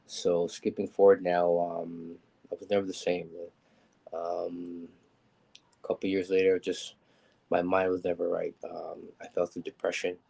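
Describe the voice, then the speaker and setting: Man, candid storyteller, husky low voice, rambles with fillers. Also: flat delivery, a little slow, mellow, rough recording. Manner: rambling and candid, many ums, acts out quoted people. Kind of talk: personal storytelling on a live show.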